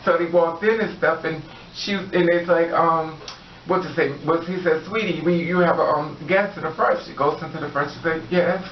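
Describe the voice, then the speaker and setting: Male storyteller, animated, plays every role, a bit high; distant mic in an echoey room, slightly dull. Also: moderate pace, a little hiss or hum. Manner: animated, acts out the voices of the people in his story. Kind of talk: casual storytime.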